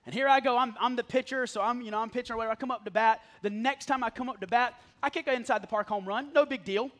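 A young adult man, a pastor, preaches a sermon from a church stage before a live congregation, joking and addressing them directly. His voice is extremely high and fairly bright, and he talks fast.

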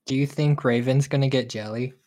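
A podcast co-host chatting casually about a book and laughing often. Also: medium pitch. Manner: laughs often, slow and relaxed delivery. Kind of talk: casual chat.

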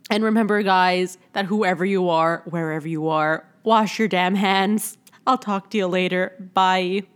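A young woman hosts a casual solo podcast, rambling along with lots of "like" fillers and poking fun at herself. Her voice sits fairly low and sounds clear and resonant, and she takes her time.

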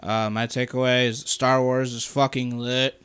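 A man's voice: mid-range voice, little pitch movement, unhurried, a bit bright, clean tone. A man co-hosting a podcast in laid-back chat, swearing casually. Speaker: podcast co-host.

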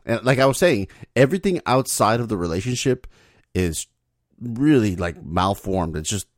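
A man's voice: fairly low pitch, expressive, moderate pace, dry recording, studio quality. A man co-hosting a casual film podcast, giving blunt, dismissive opinions. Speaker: podcast co-host.

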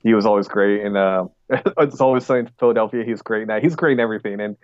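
A man's voice: fairly low pitch, quick pace, smooth, no room sound, muffled recording. A man co-hosting a podcast in casual chat, rambling with lots of "like" and restarts. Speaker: podcast co-host.

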